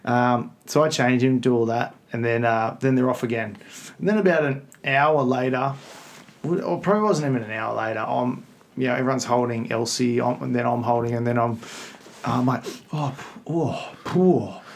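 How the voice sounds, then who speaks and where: A man's voice: medium pitch, steady tone, normal speed, vocal fry. Rambling Australian man telling a story. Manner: rambling storyteller, laughs often, restarts. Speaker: podcast co-host. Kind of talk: casual chat.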